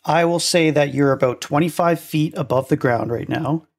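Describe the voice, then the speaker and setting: A young man narrating a tabletop game as game master, halting with many ums and uhs. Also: fairly high pitch.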